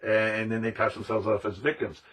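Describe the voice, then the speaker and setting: A man's voice: lowish voice, little pitch movement, normal speed, a bit bright, husky. A man delivering an impassioned, emphatic monologue, repeating himself and now and then mimicking other people's voices. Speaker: speaker on conspiracy topics.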